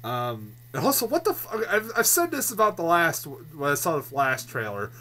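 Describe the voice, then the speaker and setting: A man's voice: on the high side, wildly swooping pitch, normal speed, sharp tone. A man giving a casual, exasperated film review, swearing often and laughing in disbelief as he rants.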